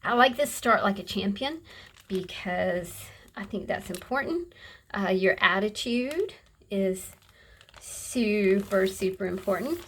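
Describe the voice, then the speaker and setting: Slow, chatty woman crafting. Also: mid-range voice. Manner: meandering, chatty and unhurried. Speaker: craft vlogger. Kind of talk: casual chat while crafting.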